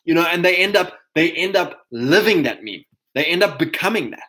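A man's voice: a little high, animated, normal speed, sharp tone. A man giving a casual, rambling motivational talk to other men as a podcast host, full of fillers and restarts, calling his listeners chaps.

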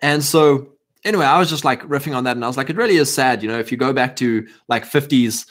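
A man's voice: mid-range voice, fast, fairly bright tone. A South African man hosting a livestream in a fervent, rambling, preachy monologue, with many restarts and a lingering cough. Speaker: livestream host.

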